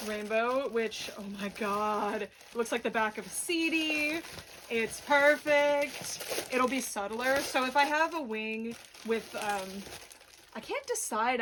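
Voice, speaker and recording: A woman casually chatting in a home vlog, excitable and gushing, laughing often, filmed on a phone. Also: on the high side, noisy background. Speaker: doll vlogger. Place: home room. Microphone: phone camera.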